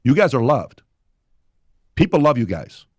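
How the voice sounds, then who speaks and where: A man's voice: mid-range voice, very animated, measured pace, breathy edge, dry recording. A man holding forth on a podcast, driving his advice home by repeating himself. The sound is close and dry. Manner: emphatic, repetitive advice-giving. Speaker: podcast host in clip. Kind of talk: podcast monologue.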